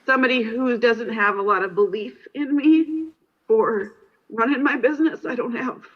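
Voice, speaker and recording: Halting woman in muffled audio. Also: fairly high pitch. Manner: halting, hesitant, many fillers. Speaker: conference attendee speaking on stage. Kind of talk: emotional testimony.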